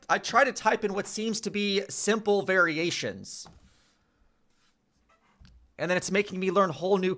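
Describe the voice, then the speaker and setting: A young man thinking aloud as he studies a language, correcting himself and slowly sounding out foreign words. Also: high voice, a bit bright. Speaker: vlogger learning a language. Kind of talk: casual thinking-aloud study session.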